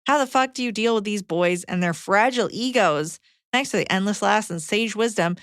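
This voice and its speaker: A woman co-hosting a podcast, reading listener letters aloud in a brisk, deadpan way. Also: medium pitch, clean tone, no echo, clean studio sound. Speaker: podcast co-host.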